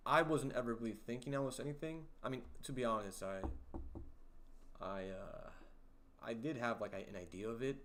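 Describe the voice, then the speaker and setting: A man hosting a casual livestream, talking slowly in a low-key way with lots of fillers that can come across as sarcastic. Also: fairly bright tone. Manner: slow, low-key talk with many fillers, sounds sarcastic. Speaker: livestream host.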